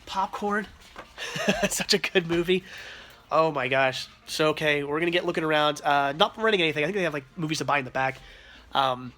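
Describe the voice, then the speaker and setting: A man's voice: fairly high pitch, brisk, sharp tone. A man vlogging casually, walking through a cemetery and then a video rental store, gushing with enthusiasm over what he finds. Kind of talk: casual vlog narration.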